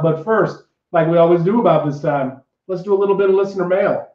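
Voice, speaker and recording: High-voiced man in a roomy lo-fi podcast. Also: brisk, hardly any pauses, far from the mic. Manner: upbeat, reads show rundown with dry jokes. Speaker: podcast co-host. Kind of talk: casual podcast chat. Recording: roomy, dull lo-fi sound.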